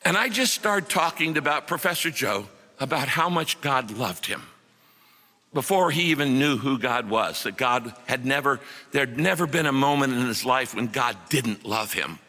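Man, middle-aged, preacher, earnest storyteller, sharp bright tone, long hall reverb. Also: mid-range voice, expressive, normal speed. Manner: earnest, dramatic storytelling with acted quotes. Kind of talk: sermon storytelling.

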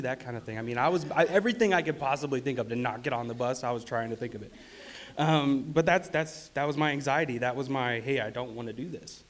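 A man giving a personal testimony in church, earnest and halting, with fillers and restarts. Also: medium pitch.

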